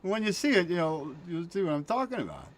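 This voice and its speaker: A man hosting a casual livestream, excitable, swearing and laughing often, trailing off mid-sentence. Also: high voice, quick pace. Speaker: show host.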